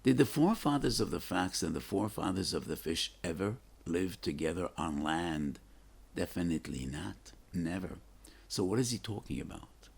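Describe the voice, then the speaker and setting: An older rabbi giving a storytelling Torah class in a deep, low voice. His tone is gravelly and a little husky. He speaks earnestly and with emphasis, dropping Hebrew and Yiddish terms into his English. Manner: earnest and emphatic, with rising, pleading questions.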